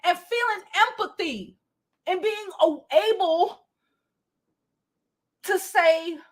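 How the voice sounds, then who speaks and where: A young woman with a high voice hosts a casual livestream gossip show. She talks in an animated way, laughs a lot and swears freely as she chats with her viewers. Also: slow pace. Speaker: gossip and advice show host.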